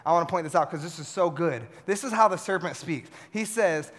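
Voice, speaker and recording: Animated high-voiced young preacher man. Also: brisk. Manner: animated, swings from loud shouts to quiet asides. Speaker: youth pastor. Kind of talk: sermon to a youth audience. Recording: long hall reverb.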